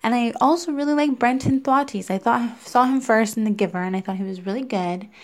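A woman's voice: fairly high pitch, fairly quick. A young woman hosting a casual podcast, rambling and chatty as she reviews a film. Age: young adult. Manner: chatty and rambling, with many fillers. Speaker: podcast host reviewing films. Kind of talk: casual chat.

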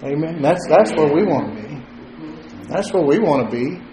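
A man's voice: a little high, expressive, normal speed, dark tone, a little hiss or hum. A male pastor delivering a sermon in a loose, conversational way, joking at times and repeating words as he thinks. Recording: roomy echo.

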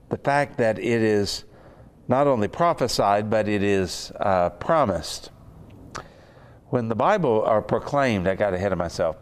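A man preaching a sermon in an unhurried, conversational way. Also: lowish voice, clear, resonant tone. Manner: conversational, unhurried, with fillers and asides.

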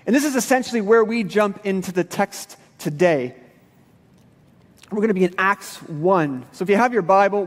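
A man's voice: high-pitched, big-room sound. A male pastor giving a sermon in a church, casual and conversational with everyday slang. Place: church sanctuary.

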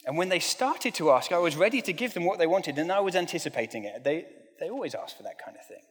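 A man's voice: fairly high pitch, expressive, fast. A middle-aged man preaching a sermon in a conversational, self-deprecating way with light humor. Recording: long reverb of a large hall.

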